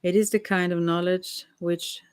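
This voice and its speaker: A woman softly reading a text aloud for ASMR, hushed and unhurried, now and then stumbling over words and apologizing. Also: on the low side, level tone, smooth, no echo. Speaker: ASMR reader. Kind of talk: soft-spoken ASMR reading.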